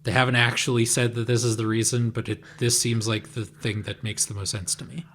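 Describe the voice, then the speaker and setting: A man's voice: medium pitch, flat delivery, fairly quick, a bit bright, a little hiss or hum. A man co-hosting a podcast in casual chat, often restarting and filling with "like". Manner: hesitant, repeats words, fills with "like". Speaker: podcast co-host.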